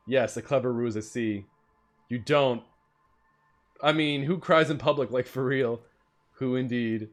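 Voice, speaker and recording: A man with a medium-pitched voice streams a video game at a moderate pace. He animatedly reads the on-screen text aloud in dramatic voices, mixing in casual remarks.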